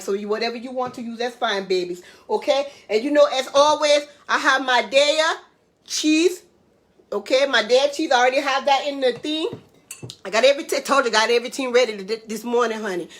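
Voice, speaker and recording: In a casual cooking vlog, a woman host chats playfully with her viewers, calling them babies and honey. Her voice sits high and sounds a bit bright.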